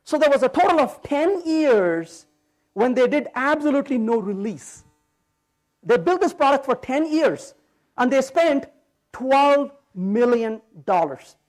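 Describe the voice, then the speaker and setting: On a conference hall stage, a man with a very high voice gives a talk at a measured pace. He's an animated, joking storyteller who tosses rhetorical questions at the audience.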